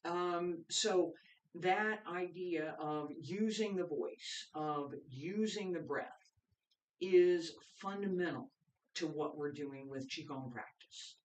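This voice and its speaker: A man with a slightly high voice leads a qigong class at an unhurried, deliberate pace. He counts breaths calmly and then explains the practice. His voice sits back from the mic in a roomy, echoing space. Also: recorded from a distance. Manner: slow, calm counting of breaths. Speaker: qigong teacher. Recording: echoey room, voice from off-mic.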